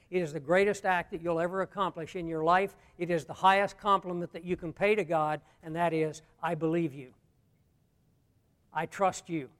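Man preaching a sermon, smooth clear voice, hush then loud bursts. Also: sits high. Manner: preaching, swings between hushed and loud emphatic lines. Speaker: pastor. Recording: long hall reverb.

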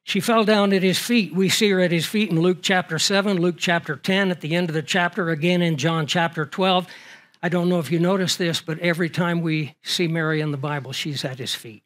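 A man's voice: on the high side, fairly even intonation, a little fast, a bit bright. A man preaching a sermon, earnest and full of rhetorical questions, his voice swelling and dropping for emphasis.

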